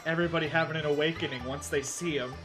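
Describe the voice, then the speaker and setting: A woman streamer commentates casually while she plays, breaking into excited exclamations and mild swearing. Game music plays clearly behind her voice. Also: sits low, racing.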